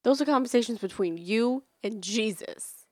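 A woman's voice: on the high side, moderate pace, mellow, no echo. A woman co-hosting a podcast, teasing the others with sarcastic remarks. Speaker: podcast co-host. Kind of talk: casual podcast banter.

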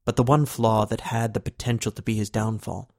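Low-voiced male audiobook narrator. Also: a little fast, vocal fry, dry recording, studio quality. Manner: steady, even storytelling. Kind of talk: scripted narration.

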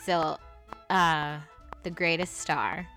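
A woman's voice: low-pitched, drawn-out words, pushed and bright, soft background music. A woman co-hosting a podcast in casual chat, laughing often and giggly in her banter. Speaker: podcast co-host.

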